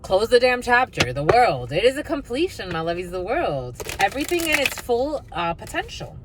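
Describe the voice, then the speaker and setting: Profane, lively woman reading tarot. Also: fairly high pitch, moderate pace, heavy background noise. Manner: blunt, profane, sing-song asides and mocking put-on voices. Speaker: tarot energy reader. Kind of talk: casual tarot reading monologue.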